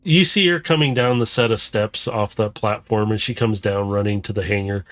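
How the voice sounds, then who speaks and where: A man runs the game, describing each scene in a loose, chatty flow with frequent chuckles. His voice sits at an ordinary middle pitch. The sound is dry and close, with no room echo. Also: lively intonation, moderate pace, fairly bright tone. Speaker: game master. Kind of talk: narrating a tabletop game.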